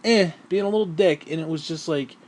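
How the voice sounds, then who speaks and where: A man's voice: a little high, a little fast. A man talking through a profane, rambling vlog monologue, short of breath and sighing often. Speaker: vlogger.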